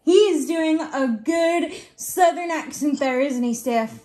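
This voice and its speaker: A woman's voice: sits high, measured pace, mellow, soft background music. A woman hosting a casual reaction to a clip, asking her co-viewer to agree with her remarks.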